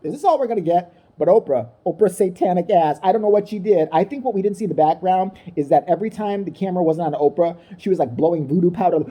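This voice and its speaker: A woman's voice: on the low side, fast talker, hardly any pauses, warm tone. A woman ranting in a crude, mocking comedic style, acting out the people she talks about. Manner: crude, mocking, acts out voices. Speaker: comedic commentator. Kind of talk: profane comedic rant.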